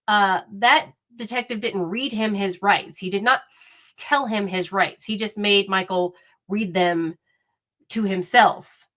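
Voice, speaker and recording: A woman's voice: medium pitch, pushed and bright. A woman giving casual true crime commentary, talking in an indignant, chatty way with many fillers and restarts.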